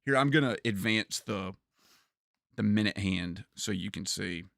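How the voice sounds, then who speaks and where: A man chatting casually on a gaming livestream, animated, often repeating words and laughing. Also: on the low side, a little slow, creaky, no room sound, clean studio sound.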